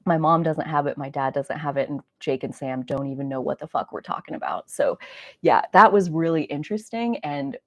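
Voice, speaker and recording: A woman hosting an astrology talk show, telling stories in a rambling, animated way with lots of "like" and some swearing. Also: low voice, brisk, no room sound. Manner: rambling, animated storytelling with frequent "like" and mild swearing. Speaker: astrology podcast host. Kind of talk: casual solo chat.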